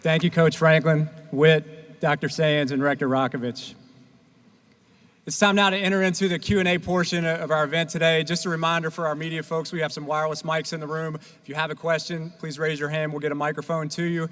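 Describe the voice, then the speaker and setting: A man emceeing a press conference in a fairly high, flat, level voice, reading out procedural instructions. The sound carries a long reverb tail from a big room. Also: fairly quick. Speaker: event emcee. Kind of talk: formal announcements.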